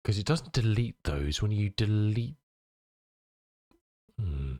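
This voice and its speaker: A man's voice: fairly low pitch, big pitch swings, slow pace, warm tone, dry recording. A male streamer chatting casually with his viewers, muttering to himself as he tinkers and answering chat messages.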